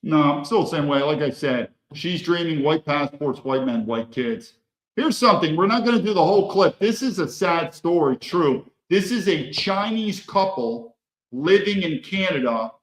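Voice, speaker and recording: A man hosts a commentary stream, pushing his points bluntly and hammering on the same phrases. His voice sits a bit high for a man. It bounces around a noticeably echoey room. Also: expressive, moderate pace. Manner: emphatic, blunt, repetitive. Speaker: host.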